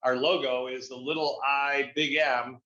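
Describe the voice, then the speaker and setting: As a guest business coach in a casual interview, this man sounds upbeat and motivational, often starting phrases over. His medium-pitched voice is level, unhurried, pushed, and bright, recorded with dull lo-fi sound and echo.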